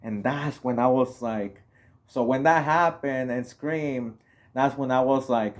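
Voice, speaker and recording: Young man from Mexico, vlogger, loose filler-heavy storytelling, mid-pitched voice. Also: a little slow. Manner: rambling, heavy on "you know" and "like" fillers. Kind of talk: casual storytelling.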